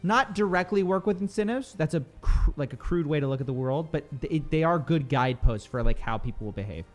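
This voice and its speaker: A man's voice: a little high, fairly quick, faint music behind. A man hosting a casual political chat, telling anecdotes in a rambling way with lots of fillers and restarts. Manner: animated storyteller, full of likes and restarts. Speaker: YouTuber podcast host.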